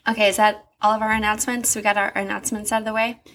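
A woman's voice: mid-range voice, little pitch movement, rapid-fire, fairly bright tone, slight background noise. A young woman co-hosting a podcast, earnest and self-deprecating in a casual chat. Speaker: podcast co-host.

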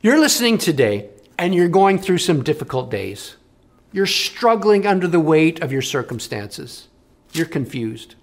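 A man's voice: fairly high pitch, sing-song, measured pace. A man preaching a broadcast sermon, impassioned and emphatic, pressing points to the listener. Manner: impassioned, emphatic, rising and falling delivery. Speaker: radio preacher.

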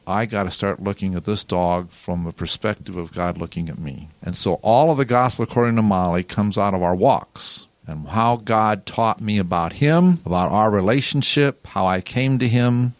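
Older guy telling a story about his dog, lowish voice, dry sound. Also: normal speed, hardly any pauses, no echo. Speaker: author and guest. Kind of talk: casual podcast storytelling.

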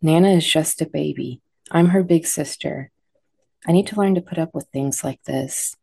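A frightened, guilty little girl, as a woman narrator reads her. The lines come weak and mumbled in a low, mellow voice. The sound is close and dry. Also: normal speed, vocal fry, breathy edge, no room sound, full character voice. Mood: remorseful. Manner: weak, mumbling, sobbing denials.

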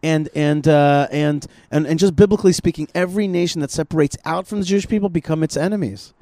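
A man hosting a casual podcast conversation, animated, often repeating himself and restarting his sentences. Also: fairly high pitch, fast talker, no room sound. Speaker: podcast host. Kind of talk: casual political chat.

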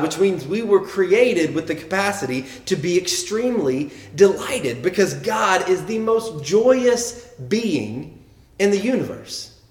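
A man's voice: fairly high pitch, echoey room. A man preaching a sermon earnestly, often repeating words as he builds his points and reading quotes with emphasis. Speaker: pastor.

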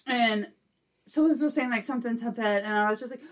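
A woman's voice: on the high side, quick pace. A young woman hosting a podcast, chatting casually, rambling through a story with frequent laughs. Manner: rambling storyteller, laughing often, voice jumps up when quoting. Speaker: podcast host. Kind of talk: casual chat.

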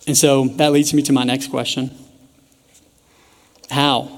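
A young man preaching a sermon in a casual, joking storytelling way with lively asides. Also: mid-range voice, a little slow. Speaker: pastor teaching a sermon series. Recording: echoey church hall.

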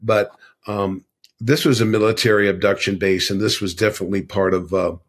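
Older man with a husky, low voice. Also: steady tone, a little fast. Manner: earnest, rambling, with frequent fillers. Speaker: podcast guest. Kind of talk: conversational storytelling.

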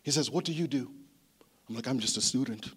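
A man preaching a sermon, telling a story in an animated, chatty way that often repeats words. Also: mid-range voice, brisk, husky. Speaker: pastor.

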